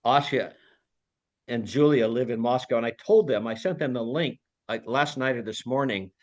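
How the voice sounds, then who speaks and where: A man's voice: mid-range voice, moderate pace, highs cut off. A man giving an informal talk over a video call, rambling and teasing in a jokey way. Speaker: lecturer.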